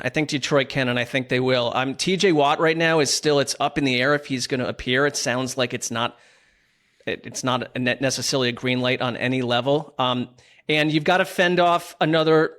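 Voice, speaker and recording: Measured man breaking down a matchup. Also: mid-range voice, a bit bright. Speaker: podcast co-host. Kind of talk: casual podcast chat.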